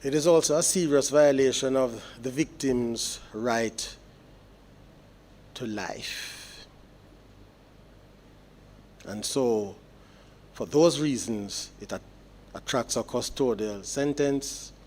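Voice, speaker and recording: A man, a judge delivering sentencing remarks in court in a measured, explanatory way with deliberate pauses. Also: medium pitch, darkish tone, a little hiss or hum.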